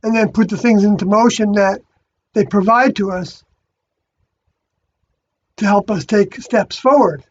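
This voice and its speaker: Halting, self-correcting spiritual speaker, mid-pitched voice, muffled lo-fi audio. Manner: halting, many fillers and restarts, self-correcting. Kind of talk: rambling spiritual monologue. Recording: dull lo-fi recording.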